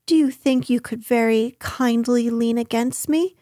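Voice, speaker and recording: A woman's voice: fairly high pitch, a little slow, mellow, dry recording, clean studio sound, lightly acted. A woman voicing a cheerful, slightly bossy young boy leading his friends. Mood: confident.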